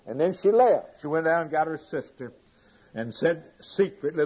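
A man's voice: a little high, lively intonation, moderate pace, darkish tone, breathy edge, low-quality recording. A man preaching a sermon, reading scripture aloud, commenting on it and putting questions to his congregation.

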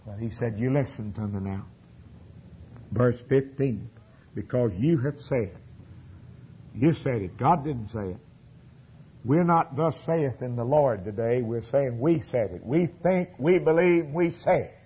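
Fervent preacher man with a husky voice. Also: medium pitch, expressive, measured pace, rough recording. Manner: fervent, swings from quiet to loud exclamation. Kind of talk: sermon.

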